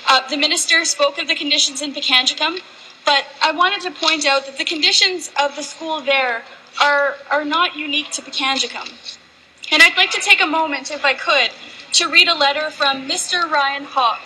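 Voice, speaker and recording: A woman's voice: sits high, normal speed, bright, forceful tone, slight background noise, rough recording. A woman legislator giving an earnest, impassioned formal speech in a legislative chamber. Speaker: provincial legislator.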